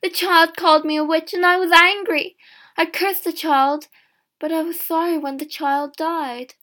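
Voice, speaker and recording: A ragged, hot-tempered young woman , as a woman reader puts her on, answers in a fairly high voice that climbs when pushed. She talks defiantly and never backs down. This is a storybook reading. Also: a little slow.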